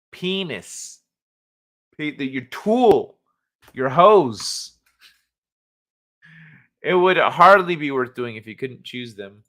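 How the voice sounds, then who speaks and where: A man's voice: on the high side, a bit bright. A man hosting a casual livestream chat from the United States, rambling and laughing as he reads chat aloud. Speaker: livestream host.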